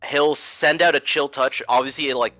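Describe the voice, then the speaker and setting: A man's voice: medium pitch, steady tone, normal speed, sharp tone, faint music behind. A man playing a tabletop game, explaining his character's actions in a rambling, filler-heavy way. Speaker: player. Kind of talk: casual table talk.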